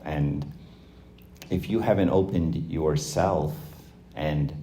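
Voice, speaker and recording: A man's voice: low voice, warm tone, a little hiss or hum. A man in his forties giving an informal faith talk to young people, speaking conversationally, acting out quoted voices, with frequent fillers and restarts.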